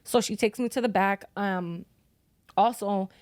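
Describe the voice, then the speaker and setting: A woman's voice: medium pitch, measured pace, a little mellow, no echo. Raw-voiced grieving young mother, dry sound. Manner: raw, blunt, swears often. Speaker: grieving mother as podcast guest. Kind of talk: emotional personal storytelling.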